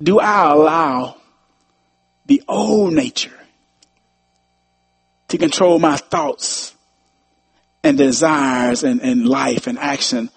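A man preaching a sermon in an animated style, repeating phrases and acting out quoted voices. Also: mid-range voice, takes it slowly, vocal fry, pauses often, husky.

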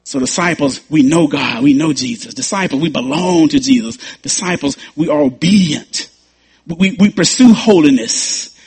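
A man's voice: a little high, normal speed, a little mellow, breathy edge. A man, a pastor preaching an emphatic sermon with repeated phrases and stammered restarts.

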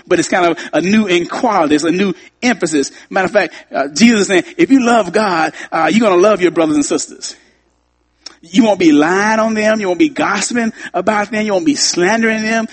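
A man's voice: high voice, breathy edge. A man preaching to his congregation, repeating lines for emphasis and talking straight to the room. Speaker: pastor. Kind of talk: sermon.

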